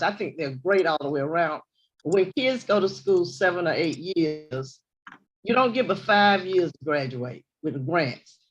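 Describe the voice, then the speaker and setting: Candid female trustee with a Southern accent, folksy, mid pitch, muffled meeting audio. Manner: folksy, candid, addresses the room as y'all. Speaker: new trustee. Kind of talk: board meeting remarks.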